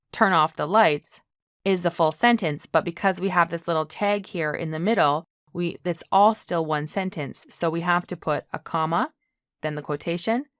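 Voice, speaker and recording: A woman's voice: low-pitched, no room sound, studio quality. A woman teaching English grammar in an online lesson, explaining patiently and often checking in with "okay?".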